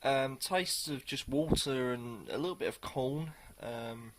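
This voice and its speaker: Man, casual beer reviewer, rambling and unhurried, mid-range voice. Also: mid-range voice, a bit bright. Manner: rambling, hesitant, many pauses.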